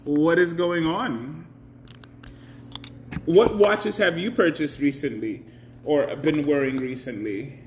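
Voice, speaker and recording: Slow, chatty man hosting a live stream. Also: a little high, slight background noise. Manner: chatty, greets viewers by name; laughs often. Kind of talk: casual live-stream chat.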